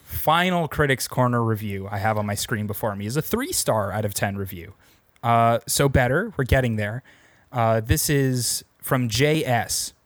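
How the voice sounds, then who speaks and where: A man's voice: medium pitch, animated, normal speed, dry recording. A man co-hosting a podcast, reading out reviews and making dry, sarcastic jokes. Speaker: podcast co-host. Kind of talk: casual movie review chat.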